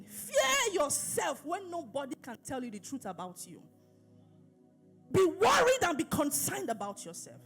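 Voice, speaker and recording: A woman's voice: very high-pitched, a bit bright. A woman pastor preaching an emphatic sermon, repeating phrases and asking her listeners questions.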